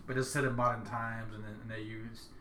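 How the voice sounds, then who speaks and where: A man's voice: lowish voice, level tone, fairly quick, sharp tone, roomy sound, a little hiss or hum. A man co-hosting a podcast in casual chat, rambling with many restarts and frequent laughs. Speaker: podcast co-host. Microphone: podcast mic.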